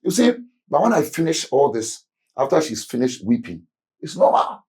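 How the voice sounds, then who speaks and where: A Ghanaian man with a dark, mellow voice tells lively stories on a talk show. He acts out the voices of his family as he goes, and his English is mixed with Twi. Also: medium pitch, normal speed. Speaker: guest, youth movement leader. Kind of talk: storytelling talk-show guest. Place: studio.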